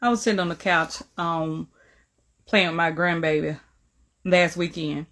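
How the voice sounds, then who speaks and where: An older woman, a grandmother, telling a story about her grandchild in a casual video, in an animated, emphatic way. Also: on the low side, a little slow.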